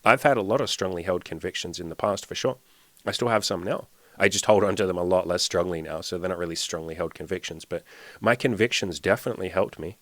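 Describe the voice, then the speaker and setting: A man's voice: sits low, quick pace, a bit bright, no echo. A young man hosting a candid solo podcast as a dating and self-improvement coach, talking bluntly, swearing often and repeating himself for emphasis.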